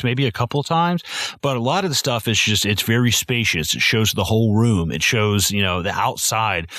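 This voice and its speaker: A man's voice: on the low side, a bit bright, no echo, studio quality. A man hosting a casual film-review podcast, rambling and swearing with enthusiasm. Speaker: podcast host.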